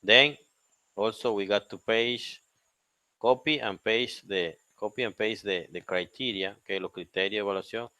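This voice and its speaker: A man's voice: on the low side, moderate pace, bright, forceful tone, dry recording. A man with a Chilean Spanish accent teaching an English grammar lesson, repeating each point in Spanish and spelling out letters.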